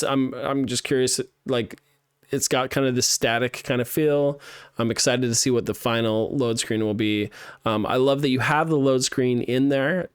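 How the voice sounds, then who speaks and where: Guy streaming a game playtest, rambly, smooth clear voice, dry close mic. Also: mid-range voice, no room sound. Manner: chatty, thinks aloud, many fillers and restarts. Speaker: streamer playtesting student games. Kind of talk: live game playtest commentary.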